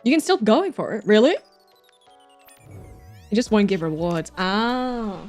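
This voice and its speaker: A woman streaming a game live, swearing in exasperation and quick to laugh. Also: medium pitch, big pitch swings, a little mellow, soft background music.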